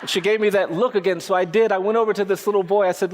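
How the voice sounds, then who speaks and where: Man, high voice, lawyer giving a speech, measured repetitive storytelling, echoey hall, faint music. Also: steady tone.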